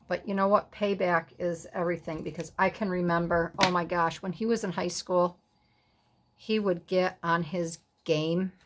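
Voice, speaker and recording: A woman's voice: lowish voice, fairly even intonation, normal speed, a bit bright, slight background noise. A middle-aged woman hosting a casual crafting tutorial, chatting in rambling, self-amused asides as she works. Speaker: craft video host.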